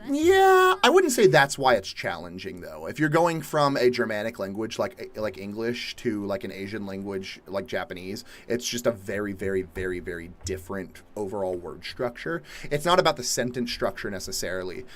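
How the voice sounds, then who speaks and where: A young man from Atlanta, Georgia, chatting casually on a live stream, reading viewer questions and answering in a laid-back way, with the odd swear word and loud exasperated outbursts. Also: fairly low pitch, very animated, moderate pace, few pauses. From Atlanta, Georgia, USA. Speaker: livestream host. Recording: faint music behind.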